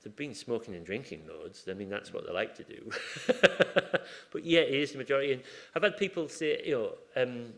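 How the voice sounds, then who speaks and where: A creaky, slightly bright mid-range voice carries this expressive man at a normal speed. As an acupuncturist on a hospital surgery team, he gives a casual conference talk that takes audience questions, playing out conversations from the ward.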